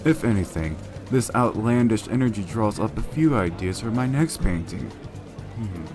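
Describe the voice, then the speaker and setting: A man voicing a refined, aloof young male art student in a fan-made anime parody dub, formal and measured. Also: lowish voice, expressive, close to an everyday voice. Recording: music playing underneath. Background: background music.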